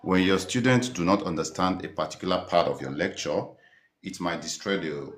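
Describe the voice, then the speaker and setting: A man's voice: low-pitched, moderate pace. A man taking part in an online group discussion, asking questions politely and with deference. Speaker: participant.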